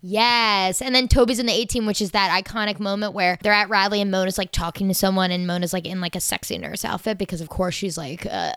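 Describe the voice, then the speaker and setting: Young woman gushing about a tv show, smooth voice, dry close sound. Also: mid-range voice, no echo. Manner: excited, swearing, quick asides. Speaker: podcast co-host. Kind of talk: casual chat.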